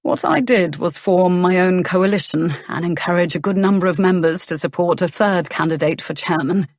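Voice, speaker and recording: Woman reading as rueful charming nobleman, calm earnest delivery, lowish voice, dry close sound. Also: moderate pace, dry recording.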